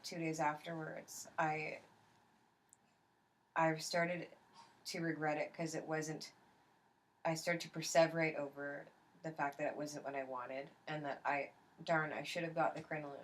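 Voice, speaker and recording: A woman's voice: low voice, rough recording. Young woman telling a story with many restarts. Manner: animated storytelling, acts out quoted voices, many restarts. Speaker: interviewer, adult daughter. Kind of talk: casual family interview.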